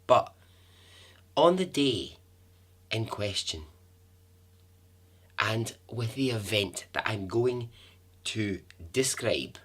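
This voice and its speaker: A man's voice: lowish voice, expressive, very slow, long pauses, a bit bright, breathy edge. A man hosting a podcast, telling a true-crime story in a chatty way with asides and the odd swear word. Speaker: podcast host.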